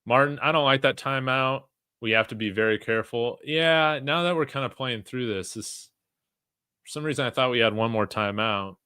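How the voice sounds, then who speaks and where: Excitable man calling a game live. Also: mid-range voice, moderate pace, smooth, dry recording, clean studio sound. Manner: excitable, shouts on big plays, reads chat aloud. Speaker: fan watch-along commentator. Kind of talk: live play-by-play reaction stream.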